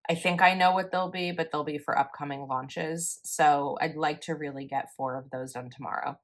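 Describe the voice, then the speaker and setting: Chatty low-voiced woman planner vlogger. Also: fairly even intonation, moderate pace. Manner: chatty, rambling, self-correcting. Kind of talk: casual voice-over while planning.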